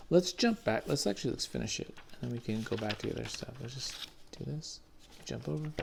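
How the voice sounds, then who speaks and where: A man's voice: medium pitch, gravelly, a little mellow. A man enthusiastically retelling a comic book story in casual, slangy commentary with frequent swearing. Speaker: comics reviewer.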